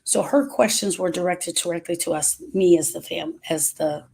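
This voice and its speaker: A middle-aged woman speaking as a grief specialist, talking earnestly to her followers and slowing down on emotional points. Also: fairly low pitch, creaky, a little mellow, slight background noise. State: emotional, short of breath at moments. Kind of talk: personal talk to followers.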